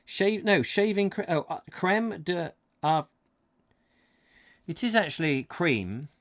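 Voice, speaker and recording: A man's voice: high-pitched, animated, takes it slowly, fairly bright tone, no room sound, studio quality. A man hosting a comic live chat show, rambling through jokey stories and singing little snatches. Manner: chatty, jokey storytelling, sings snatches. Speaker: host.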